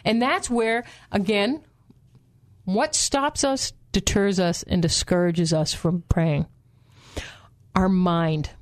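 A woman co-hosting a casual Bible study discussion, talking in an animated way and acting out quotes. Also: slow pace. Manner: animated, acts out quotes with pitch jumps, laughs often.

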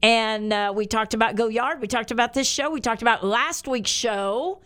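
Older American woman, radio host, upbeat and talkative, slightly high, smooth clean voice. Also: normal speed, a bit bright. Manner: bubbly, chatty, reads out phone numbers and web addresses. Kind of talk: Christian radio talk show.

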